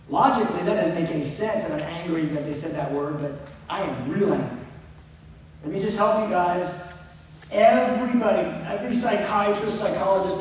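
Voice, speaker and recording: A middle-aged pastor preaching in a relaxed, conversational way, as if chatting with his congregation. His voice sits a little high for a man. It comes from far off the mic in a big, echoing church hall with faint noise behind. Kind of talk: sermon.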